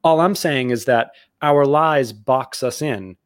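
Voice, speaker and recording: A man's voice: medium pitch, slow, dry recording, clean studio sound. A man who is the author being interviewed, making emphatic points and repeating key lines for stress. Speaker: author and guest. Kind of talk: casual interview chat.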